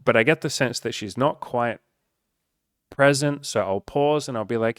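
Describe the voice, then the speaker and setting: A man's voice: medium pitch, normal speed, smooth, dry recording, clean studio sound. A man, a dating coach talking casually and frankly to camera, swearing freely and filling his talk with casual filler words.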